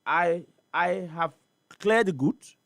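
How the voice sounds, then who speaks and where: A man's voice: high voice, slow pace, vocal fry, a bit bright, dry recording. A man with a Ghanaian accent, speaking as a studio guest on a morning talk show, emphatic and repetitive, full of rhetorical questions. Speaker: studio guest on port trade. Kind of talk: animated talk-show discussion.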